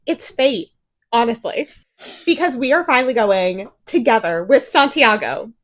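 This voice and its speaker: A woman's voice: fairly high pitch, expressive, a little slow. A woman co-hosting a book podcast, chatting casually and telling rambling anecdotes. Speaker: podcast co-host. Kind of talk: casual chat.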